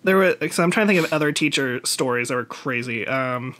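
A man's voice: medium pitch, a little fast, fairly bright tone. A young man co-hosting a casual podcast chat, telling stories with lots of "like" fillers and acted-out quotes. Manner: rambling storyteller, many "like" fillers, acts out quotes. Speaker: podcast co-host.

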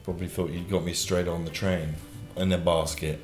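Deep-voiced guy in his 30s, deadpan questions, echoey room with faint music. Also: fairly quick. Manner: dry, probing, mock-interrogating. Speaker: host. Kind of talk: comic interview with his father.

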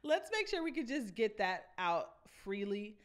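A woman vocal coach teaches vocal runs, enthusiastically breaking into short sung demonstrations between explanations. Her medium-pitched voice is sing-song and a little slow, with faint music behind her.

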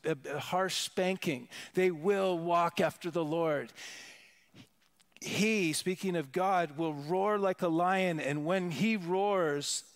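A pastor preaching a sermon at a church worship service, earnest and emphatic, repeating words and restarting phrases. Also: male voice, on the high side.

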